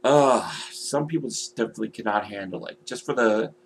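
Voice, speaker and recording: A man's voice: lowish voice, brisk, vocal fry, breathy edge. A man vlogging casually, rambling and swearing, with many "you know" fillers. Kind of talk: casual video vlog.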